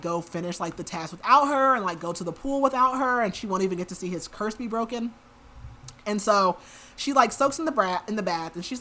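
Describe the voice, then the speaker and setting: A woman's voice: mid-range voice, sharp tone. A woman hosting a podcast, retelling a book's plot in a casual, chatty way full of fillers. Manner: chatty, filler-heavy retelling with many likes. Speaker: podcast host. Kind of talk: casual book recap.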